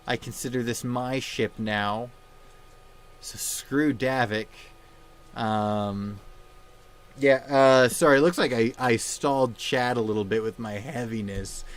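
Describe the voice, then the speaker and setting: A young man hosting a livestream, talking in a halting, subdued way with many fillers and restarts, grieving and somber. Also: medium pitch. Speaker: livestream host. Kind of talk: casual livestream chat.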